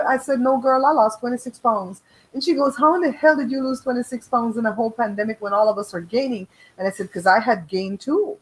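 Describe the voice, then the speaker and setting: A woman's voice: on the high side, fast talker, poor audio. Chatty woman telling stories live. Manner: chatty, animated storytelling with voiced quotes; frank, swears casually. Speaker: livestream host. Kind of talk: casual live chat.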